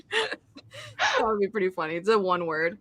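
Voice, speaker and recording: Woman streamer, casual chat, bright voice, dry close sound. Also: mid-range voice, wildly swooping pitch, measured pace, no echo. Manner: chatty, reads chat aloud, laughs often. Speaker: streamer hosting a reading sprint.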